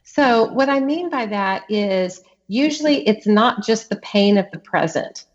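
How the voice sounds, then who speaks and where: A woman's voice: medium pitch, lively intonation, unhurried, muffled recording. A middle-aged woman, a guest author on an interview podcast, who talks earnestly and leans into emphatic repetitions as she tells vivid stories. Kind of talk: conversational interview.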